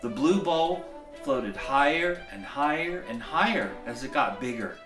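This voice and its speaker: A man in the role of Santa, reading a bedtime story in a gentle, chuckling, folksy way. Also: a little high, expressive, measured pace. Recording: echoey room, mic at a distance, soft music.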